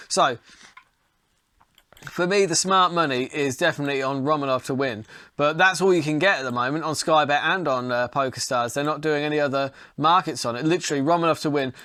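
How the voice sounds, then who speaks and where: A young man hosting a fight-betting show, talking casually and profanely, thinking out loud as he goes. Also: on the high side, no room sound, clean studio sound. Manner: profane, chatty, talks himself into things. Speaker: podcast host, fight tipster.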